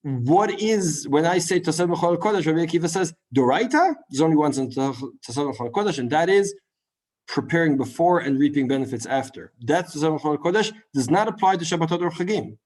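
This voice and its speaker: A man teaching a Talmud class in a lively lecture style, full of rhetorical questions and quick asides. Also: a little high. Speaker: Torah teacher.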